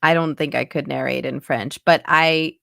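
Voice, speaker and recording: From home in Montreal, a woman who coaches accents and dialects talks casually as an interview guest over video call, with lots of fillers and restarts. She speaks at normal speed in a low, steady, creaky voice with a sharp tone; the sound is clean studio quality with no room sound.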